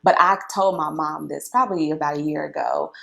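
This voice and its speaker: A woman in her late thirties tells her story as a guest in relaxed conversation. Her voice sits a little low and carries a gravelly, fried texture. She talks animatedly, with frequent laughs and fillers. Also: fairly quick. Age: late 30s.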